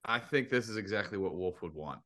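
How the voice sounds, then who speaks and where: A man on a podcast speaking softly and from the heart in casual chat. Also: low voice, animated, fairly quick. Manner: soft-spoken and heartfelt.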